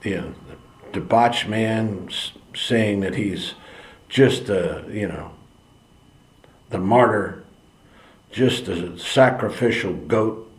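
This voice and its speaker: A man's voice: lowish voice, takes it slowly, long pauses. A man giving an earnest opinion monologue, preachy and repeating phrases for emphasis. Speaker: political commentary channel host. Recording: echoey room.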